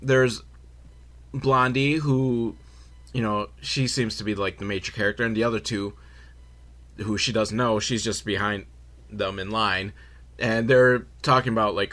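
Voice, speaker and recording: This man's voice sits on the low side, steady and a bit bright, moving at normal speed with frequent pauses. Hosting a podcast, he gives a rambling, sarcastic, foul-mouthed film recap, swearing freely and making noises for quotes.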